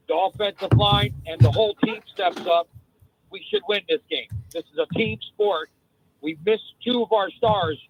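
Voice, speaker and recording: A male caller on a sports radio show, speaking earnestly with halting fillers over a phone line. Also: high-pitched, a bit bright, slight background noise.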